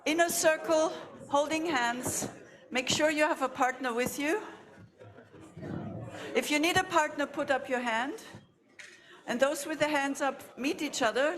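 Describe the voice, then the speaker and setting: A woman facilitator guiding a group through a circle exercise in a large hall, giving slow, gentle instructions. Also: sits high. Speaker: workshop facilitator.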